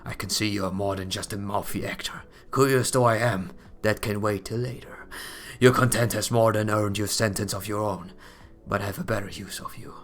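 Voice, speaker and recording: A man reading out a stern older male judge in a game, speaking quietly, slowly and with contempt. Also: fairly low pitch, fairly even intonation, close to an everyday voice. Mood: cold, scornful.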